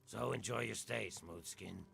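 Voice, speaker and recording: A man voicing a world-weary ghoul townsman in a video game, with a rough, drawling folksy voice. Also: fairly low pitch, unhurried, fairly bright tone, soft background music, heavily acted. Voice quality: gravelly, rough voice.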